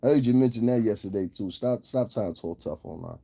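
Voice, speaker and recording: A man's voice: lowish voice, fast talker, gravelly, dark tone, dry recording. A man, talking casually and directly to a rival online, laid-back and laughing often. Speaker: YouTube commentator. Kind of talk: casual direct-address commentary.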